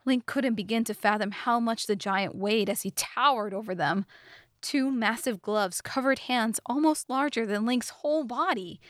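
A woman narrating a fantasy novelization as an audiobook, reading in a steady, measured way. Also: mid-range voice, no room sound, studio quality. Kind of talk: scripted narration.

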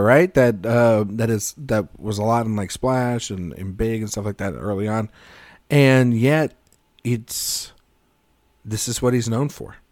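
A man's voice: lowish voice, a little mellow, no room sound, clean studio sound. A man co-hosting a casual film podcast, rambling through jokes and tangents, swearing freely and laughing mid-sentence. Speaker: podcast co-host.

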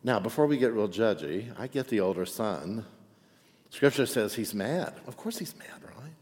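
A man's voice: fairly low pitch, moderate pace, long reverb tail. A man preaching a sermon in a chatty way, often checking in with the congregation with "right?". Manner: conversational, frequent "right?" asides, animated. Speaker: pastor.

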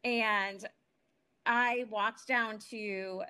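A woman in her forties, a guest on a talk show, telling an emotional personal story at home in an animated way, full of restarts. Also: medium pitch, extremely slow, smooth.

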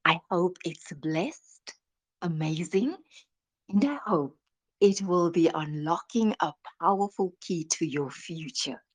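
A woman hosting a devotional podcast, speaking in a slow, reflective way and trailing off into soft, whispery phrase endings. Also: on the low side, animated. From South Africa.

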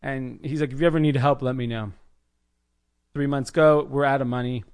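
A man in his thirties from the Los Angeles area, a podcast guest telling his business story in a casual, animated way, acting out the people he quotes. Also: medium pitch, moderate pace, clear, resonant tone. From United States, Los Angeles area. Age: 30s. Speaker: podcast guest, clothing brand founder.

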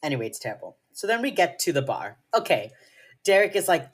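A woman co-hosting a podcast casually recaps a TV episode, playful and swearing freely, saying "like" constantly. Her voice is fairly low and husky, sing-song and fairly quick.

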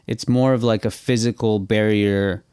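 Podcast co-host, man, casual rambling talk with laughs and swearing, smooth dry close sound. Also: fairly low pitch, steady tone, normal speed, dark tone, no room sound. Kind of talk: casual chat.

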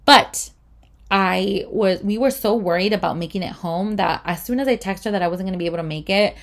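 A young woman vlogger tells a casual story in a chatty way, swearing a lot and saying "like" constantly. Her voice is medium in pitch and brisk.

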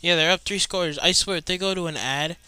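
A young man reacting live to a football game he is watching, muttering and exasperated, with sudden loud outbursts. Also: sits high, brisk, clean tone, dry recording. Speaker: sports fan watching a game.

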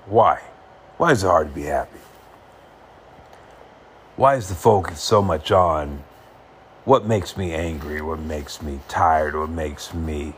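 A man talking earnestly to the camera in short, halting phrases, reflecting on happiness. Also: low-pitched, slight background noise.

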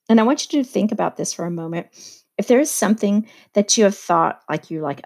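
A woman's voice: lowish voice, expressive, normal speed, vocal fry. A woman teacher explaining a novel in a casual, conversational way, with many fillers and asides. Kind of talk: casual literature lesson.

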